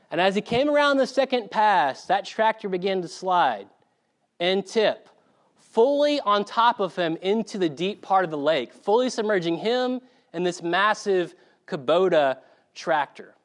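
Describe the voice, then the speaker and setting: A male preacher from South Carolina delivering a sermon and telling a story in an animated way. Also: sits high.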